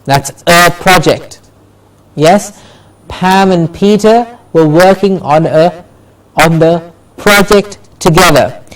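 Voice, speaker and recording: A man teaching English pronunciation, saying word pairs slowly and clearly and repeating them so each stress is heard. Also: high voice, distant mic, low-quality recording. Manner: repeats words in pairs, stretching stressed syllables. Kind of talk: slow, deliberate pronunciation lesson.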